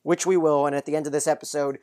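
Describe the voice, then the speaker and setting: A podcast host who reads listener mail and recaps a TV episode in a brisk, steady run of summary. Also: medium pitch.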